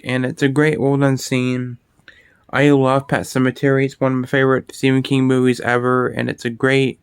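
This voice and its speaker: A man's voice: medium pitch, clear, resonant tone, dry recording, studio quality. A man talking casually about horror movies, rambling and swearing freely, with frequent restarts and fillers. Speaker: video host.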